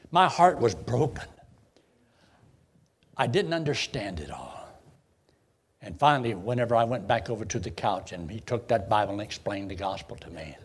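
A man, a preacher telling his conversion story in a folksy way, swinging from loud bursts to hushed lows. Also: husky. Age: 70s. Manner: folksy storytelling with sudden emotional swells and hushed drops. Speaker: preacher giving his testimony. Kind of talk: sermon testimony.

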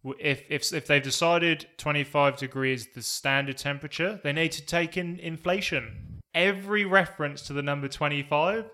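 Bright-voiced teasing podcast man. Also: a little high, moderate pace, hardly any pauses. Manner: teasing, deadpan jokes. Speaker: podcast co-host. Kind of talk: casual chat.

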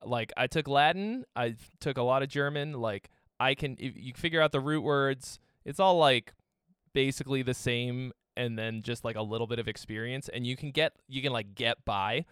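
A man's voice: mid-range voice, moderate pace, a bit bright, clear, resonant tone, no room sound, clean studio sound. A man from Massachusetts in profane, joking casual chat. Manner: profane, joking, mimics people.

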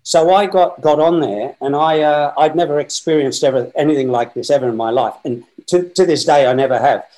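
A man's voice: a little high, a little fast, hardly any pauses, poor audio. Rambling Australian man telling a story. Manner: lively, rambling, with many fillers and restarts. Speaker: guest. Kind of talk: storytelling anecdote.

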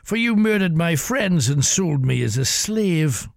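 A man voicing a calm, grey-bearded old bishop who speaks solemnly and steadily in a told tale. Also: on the high side, unhurried, gravelly, no room sound, clean studio sound, heavily acted.

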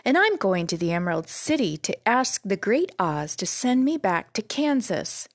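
A woman's voice: mid-range voice, sing-song, moderate pace, no echo, clean studio sound. A woman voicing a polite, kindly little girl while reading a storybook aloud.

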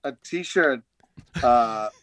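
A man's voice: mid-range voice, animated, slow, fairly bright tone, no echo. A man guesting on a movie podcast, chatting casually and hesitantly, with lots of ums and uhs. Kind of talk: casual chat.

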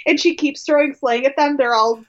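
A woman with a high voice walks through a reality show episode in a dry, matter-of-fact way. Her sound is dull and lo-fi, as if from a cheap remote mic. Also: moderate pace. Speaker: podcast co-host. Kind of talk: casual recap chat.

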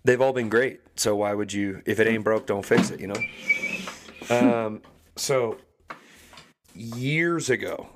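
A man's voice: on the low side, slow, long pauses, a little hiss or hum. A young adult man co-hosting a podcast, telling a story casually and acting out the people in it. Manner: animated storyteller, acts out quoted voices. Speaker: podcast co-host.

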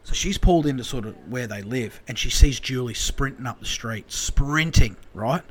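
A young Australian man spins an animated yarn on a casual podcast, swearing freely and dropping in voices for the people in the story. His voice sits at an ordinary middle pitch. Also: normal speed, a little hiss or hum. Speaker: podcast co-host.

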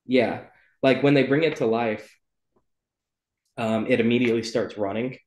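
A man's voice: medium pitch, fairly even intonation, moderate pace. A man hosting a casual book club chat, talking loosely and rambling, with lots of ums and self-corrections. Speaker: podcast host. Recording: roomy echo.

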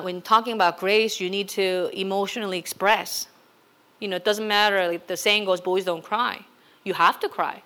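A woman's voice: mid-range voice, fairly bright tone. A woman pastor giving a sermon in a conversational way, building to emphatic exhortation.

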